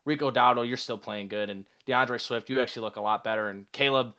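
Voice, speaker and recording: A man's voice: mid-range voice, fairly quick, pushed and bright, dull audio, close to an everyday voice. Brief: man imitating a grumpy male fantasy manager, exasperated swearing rant, everyday mid voice. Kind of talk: mock impression in podcast chat.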